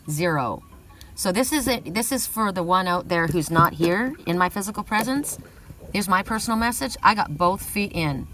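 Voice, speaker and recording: A woman's voice: on the low side, fairly bright tone, distant mic, slight background noise, low-quality recording. A middle-aged woman giving a casual oracle card reading, chatty, often laughing, whooping and swearing.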